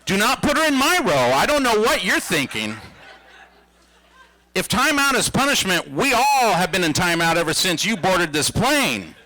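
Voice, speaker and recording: Animated, bright-voiced comedian in his fifties. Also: high voice, normal speed, low-quality recording. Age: 50s. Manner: animated storytelling with a playful comic delivery. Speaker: stand-up comedian. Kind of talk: stand-up comedy routine.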